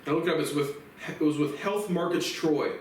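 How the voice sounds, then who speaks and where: Agitated man in his twenties, profane rant, distant mic, boomy reverb. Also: fairly quick, a little hiss or hum. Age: 20s. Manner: agitated, swearing, voice rising into shouts. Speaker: vlogger. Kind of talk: angry profane rant to camera. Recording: very echoey room, far from mic.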